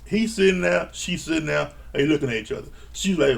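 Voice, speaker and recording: A man's voice: a little high, lively intonation, fairly quick, gravelly, few pauses. A man recapping a reality TV episode in a blunt, exasperated rant, swearing freely. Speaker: reality TV reviewer. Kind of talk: casual ranting recap.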